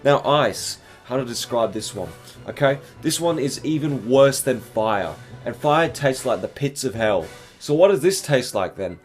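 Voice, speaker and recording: A man's voice: mid-range voice, expressive, a little slow. A twenty-one-year-old man giving an exaggerated, profane, mock-dramatic comic review, with faint music behind him. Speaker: vlogger reviewing candy.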